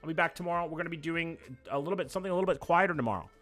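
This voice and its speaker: A man, chatting casually and quickly as he reacts to places live on stream and talks to his chat. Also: fairly high pitch, a bit bright, faint music behind. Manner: fast, casual, swears freely.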